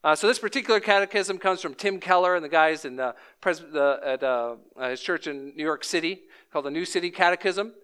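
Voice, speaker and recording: A man in his thirties preaching a sermon as pastor, measured and emphatic, repeating key lines. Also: a little high, fairly bright tone, clean tone.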